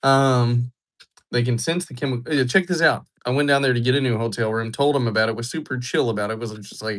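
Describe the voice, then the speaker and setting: A young man from Georgia, USA streams live, chatting and joking with viewers in a laid-back way. He speaks fairly quickly in a mid-range voice.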